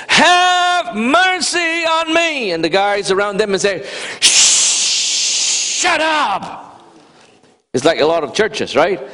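A man preaching a sermon, animated and conversational, rising to shouts for emphasis and talking directly to the congregation. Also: high voice. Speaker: pastor. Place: church sanctuary. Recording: long reverb of a church hall.

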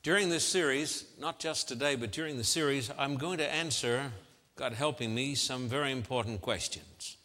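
A man's voice: mid-range voice, normal speed, sharp tone, long reverb tail. A man preaching a sermon in an emphatic way, repeating key figures for effect.

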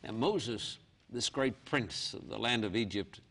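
Man explaining bible passages, kinda gravelly, earnest, reads verses slow. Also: mid-range voice, fairly bright tone. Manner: earnest, reads scripture aloud slowly. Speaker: guest preacher explaining the Bible. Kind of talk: conversational Bible teaching.

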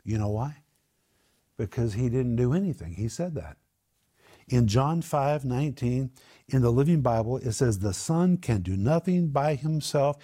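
A man preaching a sermon, animated, acting out the voices of the people in the story as he tells it. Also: mid-range voice.

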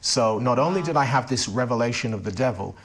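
A man with a fast, slightly rough mid-range voice is being interviewed, earnestly telling his personal testimony. He often restarts his sentences.

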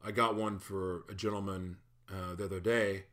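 A man preaching a sermon in a relaxed, conversational way, with playful asides and lively shifts in energy. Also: deep voice, normal speed. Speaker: pastor. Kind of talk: casual sermon.

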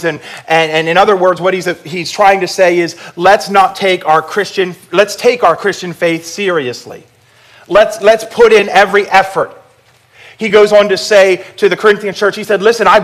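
Man preaching in a conversational sermon. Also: sits high. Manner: conversational preaching with audience prompts. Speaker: pastor.

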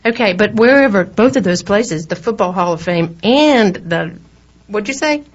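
A woman's voice: medium pitch, animated, normal speed. A middle-aged woman with a Southern accent co-hosting a radio talk show, chatting in a rambling, laughing way. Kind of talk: casual on-air chat. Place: radio studio. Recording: dull lo-fi radio recording.

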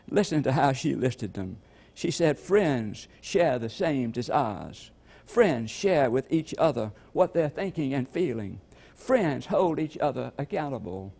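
An older man from Georgia delivering a sermon as pastor, with a slow, storytelling preacher cadence. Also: a little high, gravelly, a little mellow.

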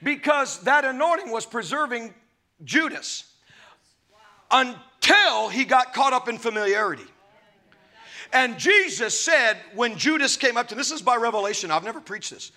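A man preaching a sermon, with dramatic swings between loud and soft delivery, acting out the scripture quotes as he goes. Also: very high-pitched, very animated, normal speed. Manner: laughs between points. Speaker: pastor.

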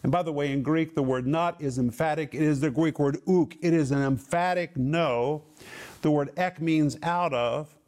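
A man teaching from the Bible in a measured, emphatic way, slowing down to stress each quoted verse. His voice sits a little higher than most men's. He pauses to explain Greek words as he goes. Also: darkish tone. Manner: slow emphatic phrasing of scripture quotes.

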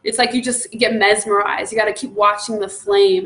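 A woman leading a devotional meditation, often exclaiming in awe and laughing softly. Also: mid-range voice, steady tone, brisk, few pauses, roomy sound. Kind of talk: devotional teaching.

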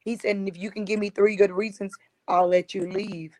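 A woman's voice: medium pitch, level tone, moderate pace, darkish tone, no echo, poor audio. A woman, a domestic violence survivor and advocate, earnestly recounting her experience, often quoting what was said. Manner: earnest retelling, quoting others with "I said". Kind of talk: emotional personal testimony.

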